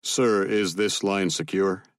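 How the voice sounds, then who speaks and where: Man voicing sergeant major, firm, businesslike, insistent, low voice. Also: fairly even intonation, takes it slowly, dry recording, studio quality. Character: blunt American command sergeant major, pushy.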